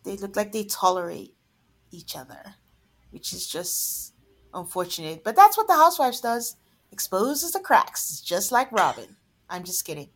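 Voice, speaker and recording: A woman co-hosting a podcast in casual chat, laughing often and trailing off softly. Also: mid-range voice, big pitch swings, moderate pace. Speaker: podcast co-host.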